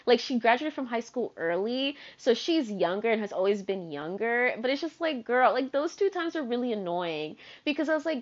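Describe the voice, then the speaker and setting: A young woman in her twenties rambles through her podcast in casual, animated monologue. Her voice sits somewhat high. The recording is slightly dull and lo-fi. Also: moderate pace, few pauses. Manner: chatty, animated, filler-heavy with frequent "like". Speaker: podcast host. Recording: dull lo-fi sound.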